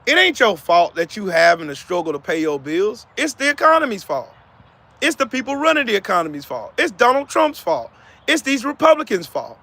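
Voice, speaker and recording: Fired-up high-voiced man with a gravelly edge. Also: very animated, fairly quick, sharp tone. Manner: profane, fired-up, repetitive; talks to chat viewers by name. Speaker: live-stream host. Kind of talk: heated live-stream commentary.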